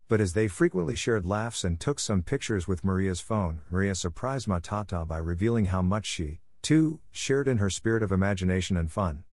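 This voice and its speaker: Male storyteller, lowish voice, dry close sound, measured halting read. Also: darkish tone, no echo. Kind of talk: reading a story aloud.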